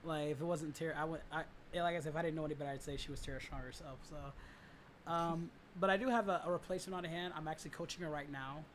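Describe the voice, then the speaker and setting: Slightly hoarse man chatting on a livestream. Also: on the high side, steady tone, racing, a bit bright, slight background noise, rough recording. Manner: rambling, filler-heavy, with frequent restarts. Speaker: livestream host. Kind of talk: casual livestream chat.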